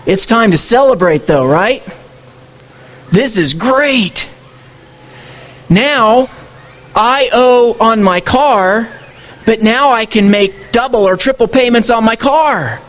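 Male pastor, high voice, conversational sermon full of rhetorical questions. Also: lively intonation, slow pace, pauses often.

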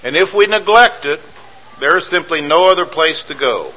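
Male pastor, sermon delivery, emphatic and repetitive, bright forceful tone. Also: a little high, animated, normal speed, poor audio. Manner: emphatic, repeats phrases for effect, rhetorical questions. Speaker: preacher.

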